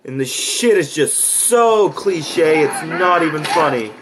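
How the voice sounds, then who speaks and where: A man's voice: a little high, animated, takes it slowly, noisy background. A man reacting to and reviewing a movie, ranting in an exasperated way with constant swearing.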